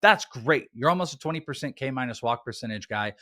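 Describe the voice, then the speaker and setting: A man co-hosting a fantasy baseball chat, reeling off stats in a quick, animated way. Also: medium pitch, dry recording, studio quality. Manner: stat-heavy, quick and animated. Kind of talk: casual analytical chat.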